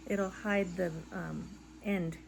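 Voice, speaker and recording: A middle-aged woman crocheting and chatting casually at home, rambling and tired, yawning between soft laughs. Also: fairly low pitch, creaky, background noise. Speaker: crochet vlogger. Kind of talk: casual chat while crocheting. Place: living room at home. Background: faint background audio playing.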